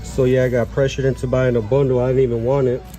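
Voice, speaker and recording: Dude at a store counter complaining nonstop about a return, warm low-key voice. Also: male voice, flat delivery, fast, faint music behind. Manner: insistent, rambling complaints. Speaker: customer filming a return. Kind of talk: casual confrontation.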